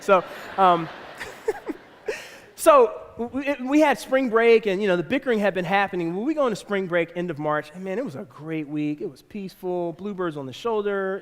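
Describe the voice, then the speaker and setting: A man's voice: sits high, in a large hall. A man preaching a sermon in a church, telling a personal family story and acting out the voices of his kids and wife. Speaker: pastor. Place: church auditorium.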